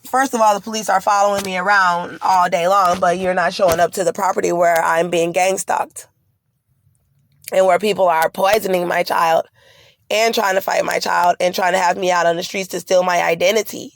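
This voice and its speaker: A pregnant woman with a fairly low, creaky voice gives a distressed account to camera as a vlogger, describing a frightening ordeal. She speaks at normal speed with fairly even intonation, yet comes across urgent, rambling and fearful. No room sound is audible.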